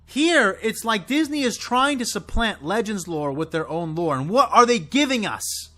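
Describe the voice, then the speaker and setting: Soft music plays behind a video creator ranting to camera about a show, his voice pushed and bright with lively intonation at normal speed. Exasperated and impassioned, he swears and sputters, his pitch high and swooping.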